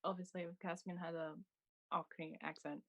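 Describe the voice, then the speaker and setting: A woman's voice: lowish voice, level tone, moderate pace, vocal fry. A Scottish woman chatting casually with blunt, dry humor. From Scotland. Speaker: cosplay livestream co-host. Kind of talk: casual chat.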